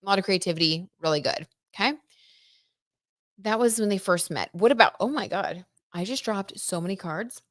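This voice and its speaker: A woman's voice: medium pitch, animated, moderate pace, no room sound, studio quality. A young woman hosting a casual live tarot reading, chatty and gushing, with lots of "like" and "oh my gosh". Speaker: tarot reader and live stream host.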